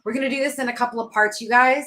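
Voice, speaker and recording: A woman's voice: on the high side, fairly even intonation, rapid-fire, a bit bright. A woman hosting a show, telling a story in casual chat and laughing at herself as she goes. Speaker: podcast host.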